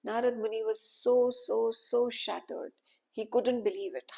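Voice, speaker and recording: Gravelly-voiced woman telling devotional stories. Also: fairly high pitch, steady tone, moderate pace, darkish tone. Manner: dramatic, emphatic retelling. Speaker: storyteller. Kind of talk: devotional storytelling.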